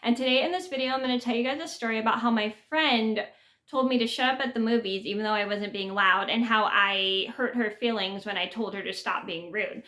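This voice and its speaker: A woman's voice: on the high side, brisk, sharp tone, echoey room. A woman vlogger casually telling a story to her viewers, rambling with many fillers and restarts.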